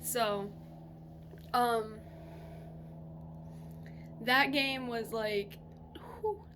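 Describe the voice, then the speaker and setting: Young woman, vlogger, casual storytelling, animated, fairly high voice, faint background noise. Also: moderate pace. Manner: chatty and animated, swears freely, laughs through the story.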